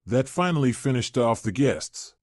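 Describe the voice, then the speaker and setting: A man reads a scripted story in a steady, storytelling way. His pitch moves a lot as he goes. The recording is dry and close. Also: moderate pace, dry recording.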